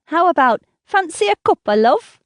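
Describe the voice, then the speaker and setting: A bubbly middle-aged Northern English woman, as a woman narrator puts her on, talking in a high, grating, nasal voice. The storybook voice sits well above the reader's own and sounds close and dry. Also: sing-song, normal speed, no room sound. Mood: chirpy, friendly.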